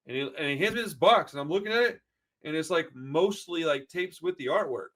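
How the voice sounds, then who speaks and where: A podcast host in his forties, a man with a voice pitched a little higher than most men's. He talks in loose, rambling stories, throwing in swear words and "dude" at every turn. The chat is casual and unscripted. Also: animated, brisk, a bit bright. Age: 40s. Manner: rambling, profane storyteller, says dude a lot.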